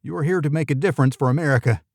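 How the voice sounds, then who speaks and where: Male narrator doing a deadpan, exasperated agent; gravelly, a touch raised, dry close read. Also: a little high, very fast, no echo, voice pushed up, close to an everyday voice. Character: sardonic middle-aged male government agent.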